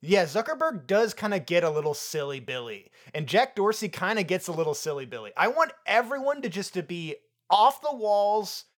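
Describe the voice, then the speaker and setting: Man, podcast co-host, fairly high voice, very lively pitch, jokey, casual film chat. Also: normal speed, hardly any pauses. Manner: animated and jokey, laughs often.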